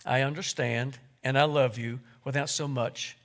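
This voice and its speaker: A man's voice: medium pitch, steady tone, normal speed, a bit bright, lightly acted. A man voicing the Lord, a patient male creator proud of his work, as part of a read-aloud story in a sermon. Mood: proud, fond.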